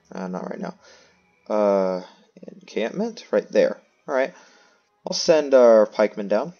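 Low-voiced man narrating his strategy game. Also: darkish tone, lo-fi sound. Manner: thinks aloud, chatty, self-mocking asides. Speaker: let's play host. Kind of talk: casual gameplay commentary.

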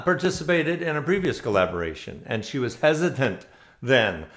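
A man's voice: mid-range voice, animated, moderate pace, fairly bright tone. Easygoing man hosting a ukulele meetup. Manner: easygoing, many ums and uhs. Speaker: host of an online ukulele play-along. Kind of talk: casual spoken introductions. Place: home, online video meetup.

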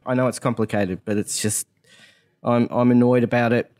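Man, podcast co-host, earnest, rambling, heated, mid-pitched voice, video call. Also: flat delivery, normal speed, a little mellow. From Australia. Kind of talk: casual chat.

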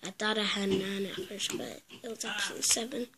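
A woman hosting a casual unboxing video, chatty and excitable, stopping often to correct herself. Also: medium pitch, brisk, background noise. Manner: chatty, excitable, stop-start with many self-corrections. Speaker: video host.

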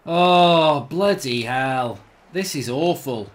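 A man's voice: a little high, lively intonation, takes it slowly. A middle-aged man commentating his football video game as a host, exasperated and swearing as he groans at his team. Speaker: gaming channel host. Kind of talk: live gameplay commentary.

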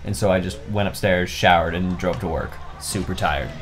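A man's voice: sits low, normal speed, faint music behind. A young man telling a long, profane anecdote while co-hosting a casual video-game playthrough. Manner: animated anecdote-teller, swearing freely. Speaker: let's play co-host. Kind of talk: casual storytelling over gameplay.

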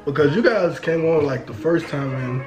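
A man's voice: a little high, normal speed, dull audio. A young man hosting a casual mukbang chat, joking and laughing with his mother. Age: young adult. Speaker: host. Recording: echoey room, music behind.

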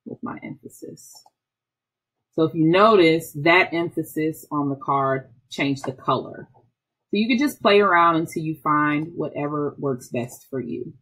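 A woman, an instructional technology trainer, walking through software step by step in a patient, explaining way with small restarts. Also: low-pitched, husky. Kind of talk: screen-recorded software tutorial.

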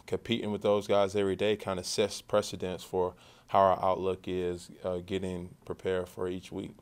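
A man, a football quarterback, answering questions at a press conference in a loose conversational way, often repeating and restarting words. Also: sits low. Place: media session after practice.

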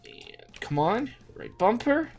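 A man's voice: extremely high pitch, sing-song, takes it slowly, darkish tone. A man giving let's play commentary, talking to himself as he plays, with lots of repeated words and sudden exclamations. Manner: talks to himself with frequent restarts and exclamations. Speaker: gaming YouTuber. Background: faint background music.

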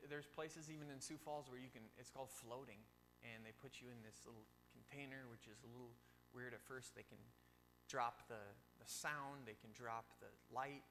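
Bright-voiced young man preaching in a church. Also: a little high. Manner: casual, joking, asks the audience questions. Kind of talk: youth sermon. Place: church sanctuary. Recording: long church reverb, faint hum.

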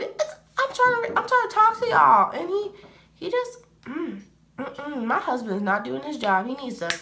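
A woman's voice: medium pitch, pushed and bright. A woman in her twenties casually chatting through a skincare review, rambling and laughing often. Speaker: beauty vlogger.

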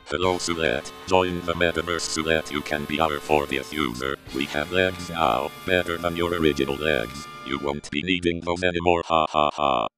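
A man voicing a sinister robotic male tech-mogul villain, slow and gloating. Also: rumbling low, steady tone, pitched below the performer's own voice. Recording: echoey room with loud music.

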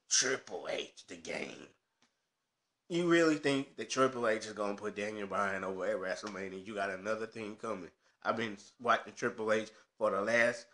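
A man's voice: mid-range voice, pushed and bright. A man ranting casually to camera with frustration, swearing heatedly about wrestling. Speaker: wrestling fan vlogger. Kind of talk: casual rant.

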